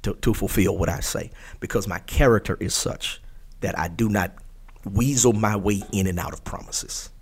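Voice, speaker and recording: Husky man, folksy and emphatic. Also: lowish voice, moderate pace. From Port Arthur, Texas. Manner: folksy, emphatic, wordplay-loving. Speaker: podcast co-host. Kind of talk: casual faith podcast chat.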